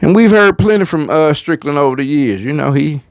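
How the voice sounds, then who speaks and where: A man's voice: a little high, expressive, a little fast, no room sound. A man hosting a reaction video, commenting casually on a clip in a slangy, profane way.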